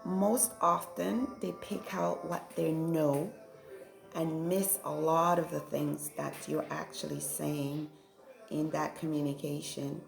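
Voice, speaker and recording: A Caribbean woman who makes spiritual vlogs delivers a reflective, preachy monologue, frequently checking in with "right?". Her voice is fairly low, creaky, and darkish, heard in an echoey room with faint music playing.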